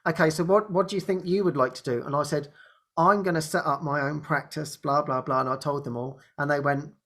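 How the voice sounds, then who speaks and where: A man's voice: fairly high pitch, steady tone, fairly quick, a bit bright. A man hosting a spiritual talk show, telling a personal story in a casual way. He laughs often and acts out the people he quotes.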